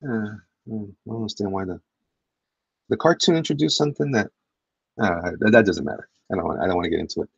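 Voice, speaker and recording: A low, gravelly man talks to his livestream chat in a loose, rambling way, often poking fun at himself. His voice is husky, and the sound is dry and a little dull, like a lo-fi recording. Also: lively intonation, fast talker, pauses often, dry recording. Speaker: comic artist livestreaming while drawing.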